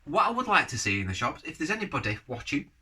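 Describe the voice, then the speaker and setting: A man's voice: on the high side, very animated, quick pace, sharp tone, slightly rough. A man casually reviewing a beer on camera, rambling from one thought to the next and giving blunt verdicts. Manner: rambling, jumps between topics.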